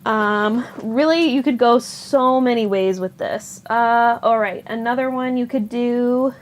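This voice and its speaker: A woman with a fairly high voice talks at an easy, unhurried pace on a casual livestream. She thinks aloud as she goes and answers her viewers' comments, sounding chatty and relaxed. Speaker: yarn shop owner hosting a livestream. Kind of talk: casual live-stream chat.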